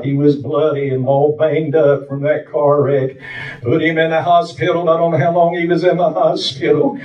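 Fervent preacher with a higher voice. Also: male voice, level tone, moderate pace. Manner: fervent, storytelling, with colloquial rural speech. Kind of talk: sermon. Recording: dull, roomy sound from far off.

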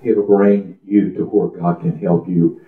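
A man's voice: sits low, flat delivery, measured pace. A man preaching a fervent testimony sermon, his voice climbing as he prays aloud and slipping into folksy storytelling. The sound is echoey, as if from a big room, and squeezed thin like it is coming over a phone line. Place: church service.

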